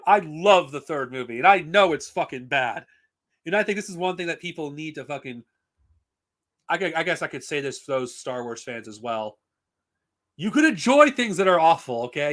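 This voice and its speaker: A man's voice: on the high side, a bit bright. A man talking casually on a live stream, blunt and profane, rambling with frequent restarts. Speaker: streamer reviewing comics and films.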